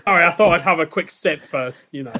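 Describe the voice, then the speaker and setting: A man's voice: on the high side, quick pace, noisy background. A man performing an improv comedy scene, goofy and apologetic, rambling along.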